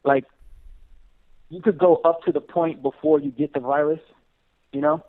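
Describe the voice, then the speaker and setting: A man's voice: on the high side, fairly even intonation, normal speed. A man calling in as a guest on a comedy podcast, chatting casually with lots of fillers over a tinny phone-line recording. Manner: chatty, with a lot of fillers and restarts.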